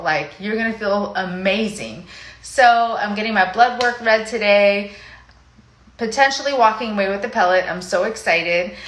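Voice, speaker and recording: Woman in her fifties, fitness coach, rambling live chat, bright voice, roomy echo. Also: mid-range voice. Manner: chatty, emotional, rambling. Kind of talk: casual live video chat.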